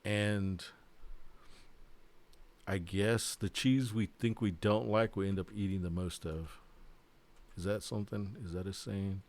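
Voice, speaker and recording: A man's voice: low voice, fairly even intonation, a little slow, pauses often, darkish tone. A man, a board game designer, chatting casually and rambling, joking and swearing as he talks. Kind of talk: casual livestream chat.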